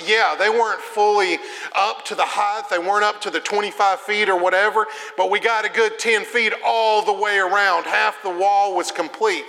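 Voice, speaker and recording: Casual young male preacher, high bright voice, echoing hall. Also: steady tone, moderate pace, creaky. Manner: conversational preaching, swings from loud to soft. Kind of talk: sermon. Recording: long reverb of a hall.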